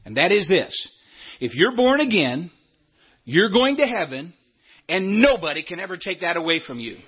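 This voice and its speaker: A male pastor preaching a sermon, breaking into shouts and then dropping low. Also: very animated, normal speed, slightly rough, muffled recording. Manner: preaching with sudden shouts and wide swings in pitch.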